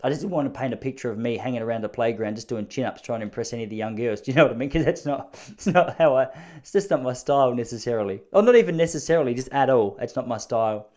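A man's voice: medium pitch, quick pace, a little mellow. A young Australian man hosting a solo podcast from a spare room at home, telling rambling, self-mocking stories. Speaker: podcast host. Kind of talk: casual solo podcast monologue.

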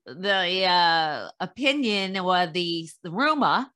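A woman's voice: lowish voice, sing-song, takes it slowly, bright, forceful tone. A woman hosting a podcast, effusive and full of praise for her guest in a casual interview. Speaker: podcast host.

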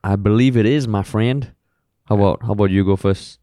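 A man's voice: fairly low pitch, fairly quick, mellow, no room sound, clean studio sound. A young man with a Singaporean English accent co-hosting a podcast, talking in an easygoing, casual way with bits of "lah" and "sia". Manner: easygoing, laid-back, uses "lah" and "sia". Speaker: podcast co-host.

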